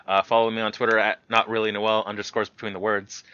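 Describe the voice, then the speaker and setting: Bright-voiced young man, animated storyteller. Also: fairly low pitch, quick pace, clean tone, no room sound, muffled recording. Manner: animated storyteller, mimics people he describes. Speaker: podcast guest. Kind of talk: casual podcast chat.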